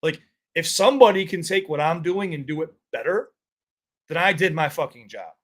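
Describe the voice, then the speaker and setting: A man's voice: a little high, expressive, normal speed. A man in casual chat as a co-host, talking candidly, swearing freely and telling stories with animation. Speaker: content creator and co-host.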